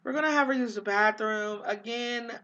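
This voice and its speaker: A woman's voice: a little high, normal speed, sharp tone, muffled recording, a little hiss or hum. A young woman casually commenting on her life-sim game, chatty and easily exasperated, with lots of fillers. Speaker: gaming vlogger.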